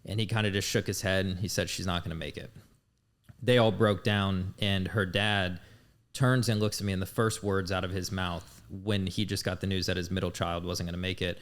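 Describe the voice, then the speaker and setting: A man's voice: low-pitched, little pitch movement, moderate pace. A man in his thirties, a podcast guest telling his life story in a candid, blunt way, swearing freely. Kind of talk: casual storytelling.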